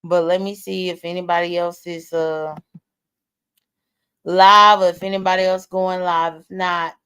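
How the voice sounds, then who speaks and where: A woman's voice: lowish voice, flat delivery, unhurried, bright, forceful tone, clean tone. Blunt, profane woman live-streaming. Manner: talks straight to viewers as "y'all". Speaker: livestream host. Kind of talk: casual live-stream commentary.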